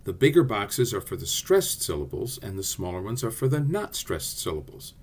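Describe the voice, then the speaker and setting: A man's voice: on the low side, big pitch swings, normal speed, slightly rough. A male theatre teacher giving a friendly class video lesson, explaining directly to his students.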